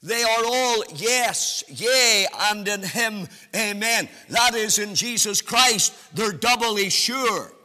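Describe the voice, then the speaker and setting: A man preaches at a slow, deliberate pace, his voice high and very bright. His phrases rise into a sing-song lilt and stretch out for emphasis. The sound rings with the long reverb of a church hall. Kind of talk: sermon.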